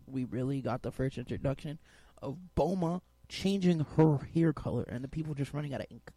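A man's voice: mid-range voice, brisk, warm tone, dry recording. A young man co-hosting a radio show in a studio, chatting casually and rambling with lots of restarts. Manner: rambling, full of restarts and laughter. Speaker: radio co-host.

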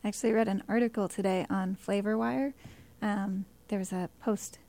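A woman's voice: medium pitch, fairly even intonation, normal speed, warm tone. A woman interviewing a guest casually, asking curious open questions.

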